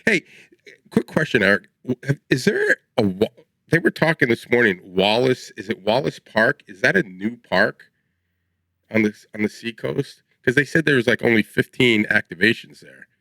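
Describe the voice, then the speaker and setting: A man's voice: medium pitch, sing-song, normal speed, pushed and bright, no room sound, low-quality recording. A man in his forties co-hosting a podcast, telling rambling stories in casual chat and laughing as he talks. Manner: rambling storyteller, laughs mid-sentence. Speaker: podcast co-host.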